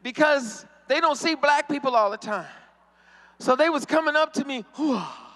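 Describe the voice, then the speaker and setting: A man's voice: extremely high pitch, moderate pace, sharp tone, big-room sound. A man doing a stand-up comedy routine, acting out the voices of people in his stories. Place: convention hall stage.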